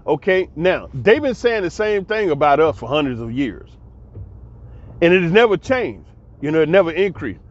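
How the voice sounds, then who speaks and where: A man's voice: high voice, expressive, moderate pace, muffled recording. A man, giving a heated, preachy monologue that repeats itself. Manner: preachy, ranting, repetitive. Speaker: commentary channel host.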